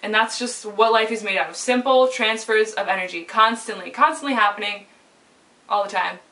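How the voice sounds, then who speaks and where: Bright-voiced young woman vlogging. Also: mid-range voice, a little fast. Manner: casual, rambling, peppered with "like", laughs often. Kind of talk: personal vlog monologue. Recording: voice a little far from the mic.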